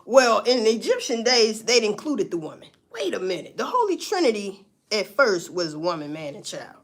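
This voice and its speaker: A woman's voice: medium pitch, sing-song, moderate pace. A woman, musing in a casual, profane monologue full of rhetorical questions. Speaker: vlogger.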